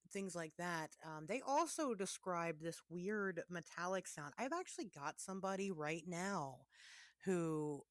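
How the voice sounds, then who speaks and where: A woman's voice: low voice, no room sound, clean studio sound. A woman co-hosting a podcast, chatting casually and hesitantly, often restarting her sentences. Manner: hesitant, many fillers and restarts. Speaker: podcast co-host.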